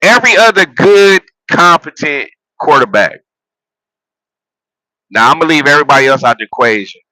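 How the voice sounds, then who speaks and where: Bright, dry-voiced man ranting about football. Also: a little high, moderate pace, dry recording, rough recording. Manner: animated, profane, laughs at his own jokes; repeats phrases and restarts while building a point. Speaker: sports vlogger and football fan. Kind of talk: casual sports rant.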